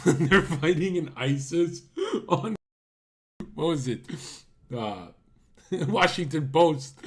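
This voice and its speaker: A man streaming live and ranting at his chat in a blunt, profane way. He fires off incredulous rhetorical questions in a voice of middling pitch. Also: husky. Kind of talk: casual live-stream commentary.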